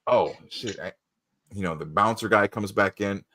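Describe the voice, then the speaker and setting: A man with a low voice in a casual chat. He rambles loosely, laughs a lot and slips into other people's voices to retell a story. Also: moderate pace, pushed and bright. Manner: rambling, laughs often, acts out quoted people. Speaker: podcast host.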